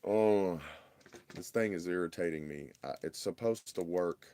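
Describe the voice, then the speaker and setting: Very low-voiced frustrated man. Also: moderate pace, a little mellow, a little hiss or hum. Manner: frustrated, muttering, drawling. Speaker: RC hobby livestream host. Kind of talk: casual livestream talk. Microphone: phone.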